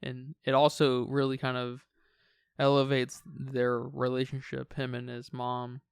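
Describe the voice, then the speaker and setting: A man's voice: medium pitch, creaky, smooth, no room sound. A man co-hosting a podcast, talking through a film in casual chat, often stumbling and restarting his words. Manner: halting, restarts words, relaxed enthusiasm. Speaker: podcast co-host. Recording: dry close recording.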